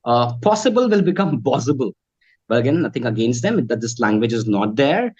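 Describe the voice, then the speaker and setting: A man's voice: mid-range voice, big pitch swings, a little fast, a little mellow, highs cut off. Earnest male trainer. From India. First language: Bhojpuri. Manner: earnest, advising, keeps saying ma'am and right. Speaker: accent trainer and guest. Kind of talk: interview answers.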